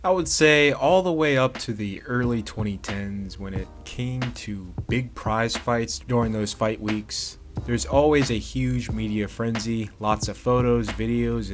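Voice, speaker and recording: Man, relaxed conversational narration, voice-over, filler words, background music. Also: lowish voice, unhurried, few pauses. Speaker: boxing video narrator. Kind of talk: casual voice-over commentary.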